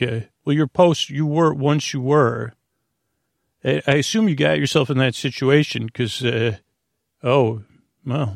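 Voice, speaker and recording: A man's voice: mid-range voice, vocal fry, no echo, studio quality. A man hosting a podcast, rambling through a meandering bedtime monologue full of filler words and restarts, joking with an imaginary listener. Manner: silly, speaking to an imaginary listener. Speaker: podcast host.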